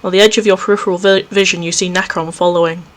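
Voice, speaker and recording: A man's voice: high-pitched, level tone, fast talker, fairly bright tone. A man hosting a let's play from home, reading a visual novel aloud and cutting in with jumpy, self-mocking asides. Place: home recording setup.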